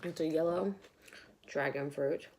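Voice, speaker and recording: A woman's voice: low-pitched, steady tone, a little slow, a little mellow. Woman vlogger, rambling and chatty between bites, recorded at home with audible noise. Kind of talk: casual eating vlog chat. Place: home, at a table with dogs nearby.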